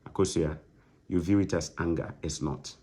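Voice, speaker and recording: This online creator, speaking at a normal pace in a low, steady, mellow voice with a breathy edge, replies to his live stream's viewers. His manner is stern and lecturing, heavy on emphasis and repetition.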